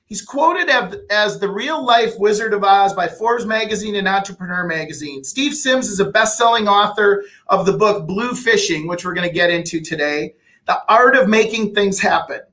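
A man hosts a podcast interview with an eager, welcoming manner. His voice is high for a man and bright, with a forward edge. He often stumbles into his questions with uhs and restarts. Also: animated. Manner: eager, with halting fillers and restarts. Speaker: podcast host.

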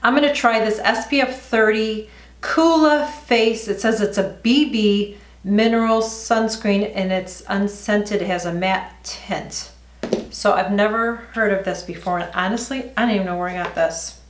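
A middle-aged woman at a mid pitch, talking through her makeup routine in a chatty, easygoing way. Her voice bounces around an echoey room at home. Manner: chatty, talks while applying makeup. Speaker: beauty vlogger. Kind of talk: casual makeup tutorial.

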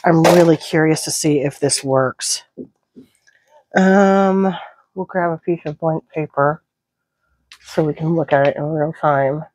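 Southern lady crafting and chatting to herself, low voice, bit of hiss in the background. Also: steady tone, measured pace, pauses often, a little mellow. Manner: chatty, talks to herself while working, some mumbled asides. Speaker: crafting channel host. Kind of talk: casual crafting commentary.

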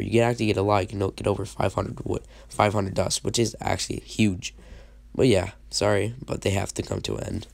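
A man's voice: on the low side, vocal fry, dry recording. A man with a sick voice giving casual, rambling game commentary, often stopping to restart his sentences. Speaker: gaming channel host.

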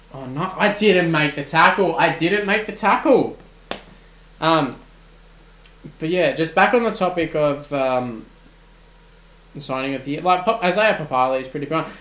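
A young man, commentating his own video game on a live stream in excitable bursts, often shouting. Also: a little high, echoey room. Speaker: gaming streamer.

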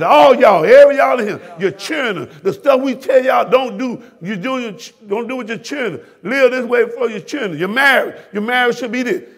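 A man, a pastor preaching a sermon, swinging between hushed talk and shouted lines that he repeats to the congregation. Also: sits high. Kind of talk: fiery sermon. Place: church sanctuary.

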